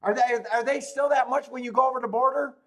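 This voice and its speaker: A man in his thirties hosts a live stream, reading the chat and talking casually, swearing freely and rambling with frequent laughter. His voice is very high and steady, fast, with a fairly bright tone.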